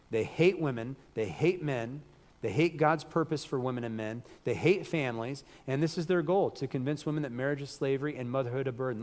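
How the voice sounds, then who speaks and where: Male preacher, sermon, hoarse voice, emphatic, middle pitch, long hall reverb. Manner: emphatic, rising to loud bursts. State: losing his voice. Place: church hall.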